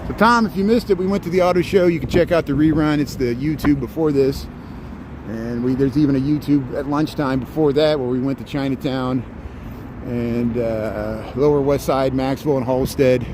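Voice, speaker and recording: On a busy city street, a man with a Chicago accent live-streams a walking tour, chatting casually and greeting viewers by name as he walks outdoors. His mid-range voice holds a steady tone at a moderate pace, with traffic noise clearly audible behind him.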